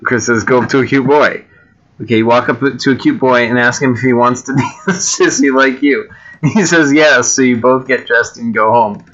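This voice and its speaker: A man reads homemade stories aloud in a loose, chatty way, stopping for fillers and side comments. His tone is bright and forceful. The recording is a bit dull and lo-fi. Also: mid-range voice, steady tone, normal speed. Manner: chatty, breaks off with fillers and asides. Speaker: reader and creator of homemade games. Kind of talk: casual read-aloud of generated stories.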